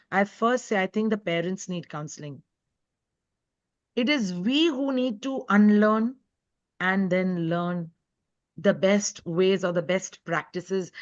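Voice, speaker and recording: A woman's voice: medium pitch, dull audio. A woman guest speaker and author giving an earnest, emphatic talk on an online panel. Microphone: video call.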